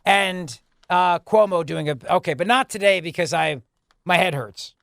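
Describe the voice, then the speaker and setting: A man's voice: sits high, normal speed, creaky, a bit bright, no echo, studio quality. A man hosting a talk radio show, chatting casually and reading listener tweets and ads. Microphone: studio microphone.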